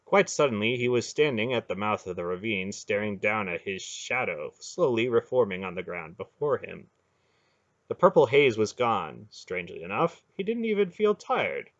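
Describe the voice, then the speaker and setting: A man narrating a fantasy audiobook in a lively, expressive reading. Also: fairly low pitch, moderate pace. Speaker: audiobook reader. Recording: dull lo-fi home recording.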